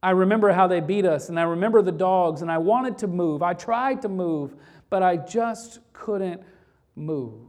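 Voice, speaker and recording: Preacher doing a quiet old lady, scared but steady, soft and slow, halting. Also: mid-range voice, natural voice. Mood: shaken. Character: frightened older woman witness, resolute.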